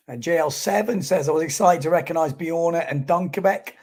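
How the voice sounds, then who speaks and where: A man's voice: on the high side, a little mellow, husky. A man giving chatty live commentary on a sports stream and reading out viewer comments.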